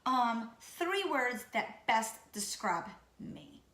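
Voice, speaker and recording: A woman in her late thirties from Louisiana, with a Louisiana accent, who sounds raspy and sick, chatting casually and goofily to camera about herself. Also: fairly high pitch, very animated, very slow, sharp tone, echoey room. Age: 30s. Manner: goofy, chatty. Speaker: vlogger. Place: room at home.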